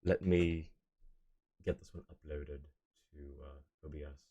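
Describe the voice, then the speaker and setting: Low-voiced man chatting on a live stream. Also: steady tone, unhurried, mellow, muffled recording. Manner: rambling, answers chat messages as he talks. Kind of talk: casual live-stream chat.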